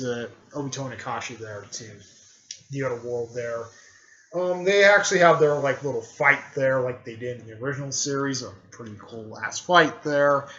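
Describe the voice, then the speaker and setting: A man's voice: mid-range voice, bright, forceful tone. A man recapping a story in a casual, rambling way, with loose phrasing and plenty of filler words. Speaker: video creator recapping a fan story. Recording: dull lo-fi recording.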